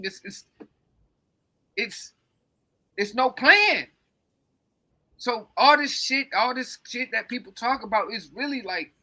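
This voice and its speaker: A man's voice: very high voice, sharp tone. A man co-hosting a podcast, rambling in casual, profane, emphatic chat. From coastal United States. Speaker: podcast co-host.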